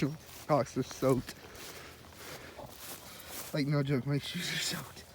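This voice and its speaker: A vlogger with a medium-pitched voice narrates his outdoor walk through wet grass and woods, speaking slowly in a steady tone over background noise. He rambles casually, talks to himself, and laughs at his own remarks.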